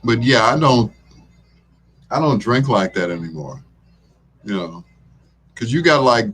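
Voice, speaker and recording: A man's voice: mid-range voice, lively intonation, a little slow, fairly bright tone, slightly rough. A middle-aged man hosting a talk show, rambling in a laid-back way and chuckling often as he chats. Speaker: radio show host. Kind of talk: casual talk show chat.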